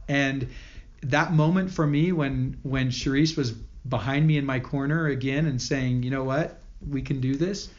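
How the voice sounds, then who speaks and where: A man guest on a podcast telling a personal story in an earnest way, often stopping and restarting his sentences. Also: a little high. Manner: earnest, halting with many restarts. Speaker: podcast guest, company founder. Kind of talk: storytelling interview. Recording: dull lo-fi audio.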